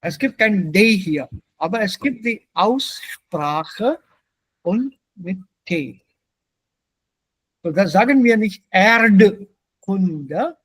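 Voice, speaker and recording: A male teacher explains pronunciation to his class with patience, moving between German and English as he goes. His voice sits high for a man and has a husky edge. He speaks slowly, and the sound is dry and close. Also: no echo. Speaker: language teacher. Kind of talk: classroom instruction.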